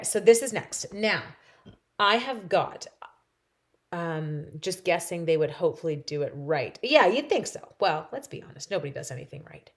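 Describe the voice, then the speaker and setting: A woman with a slightly low voice hosts a live craft session from her home craft table. She chats freely and giggles, answering viewer comments while she stamps and cuts. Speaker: stamping demonstrator hosting a craft livestream. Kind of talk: casual live-stream chat while crafting.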